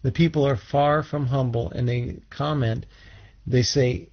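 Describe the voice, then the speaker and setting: A man teaching scripture in a measured way, restarting phrases and putting questions to his listeners. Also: mid-range voice. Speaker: Bible teacher. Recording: dull lo-fi recording.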